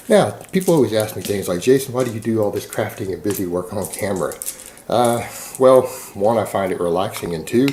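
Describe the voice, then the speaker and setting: A man's voice: medium pitch, dark tone, a little hiss or hum. A man speaking to camera in a rambling, defensive monologue, sarcastic and full of fillers. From Texas. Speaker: fitness YouTuber.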